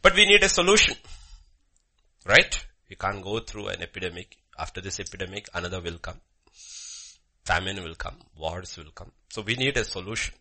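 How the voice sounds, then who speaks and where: A man preaching a sermon with a personal story, swinging from loud emphasis to hushed murmurs. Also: sits low, brisk. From Bhutan.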